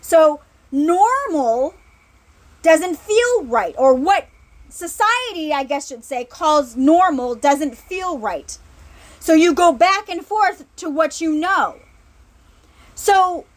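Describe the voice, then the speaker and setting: High, lively woman preaching casually. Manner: conversational, repeats herself, checks in with "right?". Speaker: ministry speaker. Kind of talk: informal sermon.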